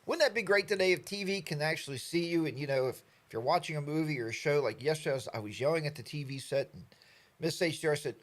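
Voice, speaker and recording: A man's voice: on the high side, quick pace. A man in his sixties hosting a casual live stream, rambling and joking as he greets viewers by name. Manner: rambling, jokey, animated storytelling.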